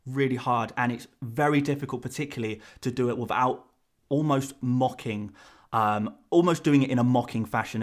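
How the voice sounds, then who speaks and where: An English man streaming live, rambling and self-conscious as he answers viewers, laughing often between restarts. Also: mid-range voice. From England. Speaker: fantasy football streamer.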